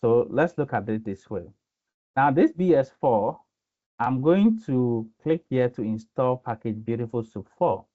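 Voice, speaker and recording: Coding instructor, live-stream lesson, slow unhurried delivery, chatty with frequent laughs, dull lo-fi sound. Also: medium pitch, expressive. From Ghana. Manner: chatty, laughs often, reads out viewers' chat.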